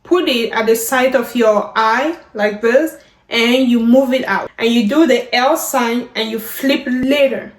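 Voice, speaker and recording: A woman with a high voice teaches signs slowly and patiently, saying each word aloud and then walking through the hand movements. Her voice bounces around an echoey room. Faint music plays underneath. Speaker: sign language teacher. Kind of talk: step-by-step instruction.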